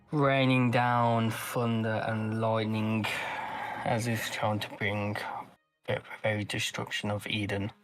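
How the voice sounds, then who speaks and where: A man narrates a tabletop campaign as game master, taking his time and stopping to restart phrases as he builds the scene. His pace is slow and unhurried, and soft music plays faintly underneath. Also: on the low side.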